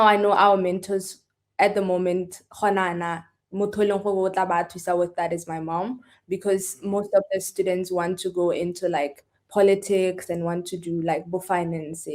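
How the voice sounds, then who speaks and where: A woman, a guest in a casual interview, chatty and quick to laugh. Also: fairly low pitch, flat delivery. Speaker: guest, scholarship founder. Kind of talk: casual interview chat mixing in Setswana.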